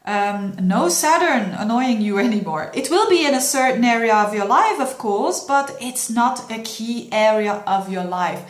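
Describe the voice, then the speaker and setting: A woman's voice: a little high, animated, a little slow, few pauses. A middle-aged woman from Belgium, an astrologer giving a yearly horoscope in an earnest, encouraging way, speaking straight to her viewers. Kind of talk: yearly horoscope talk to camera. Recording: roomy echo.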